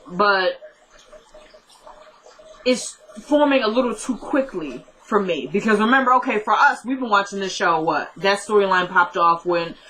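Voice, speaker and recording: A woman's voice: mid-range voice, a bit bright, poor audio. A young woman at home chatting through a TV episode recap, acting out the characters' lines as she retells the scenes. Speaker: TV recap vlogger.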